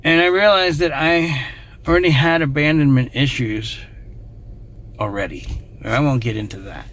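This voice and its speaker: A middle-aged man telling a true personal story in a casual, rambling way, getting emotional and trailing off into quiet asides. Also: fairly high pitch, normal speed.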